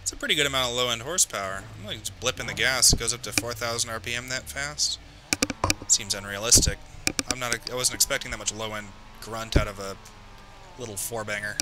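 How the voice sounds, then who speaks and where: A man's voice: mid-range voice, brisk, noisy background. Man giving casual racing-game commentary. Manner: talks to himself while driving, frustrated and ranting. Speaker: sim racing streamer. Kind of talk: live gameplay commentary. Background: loud music.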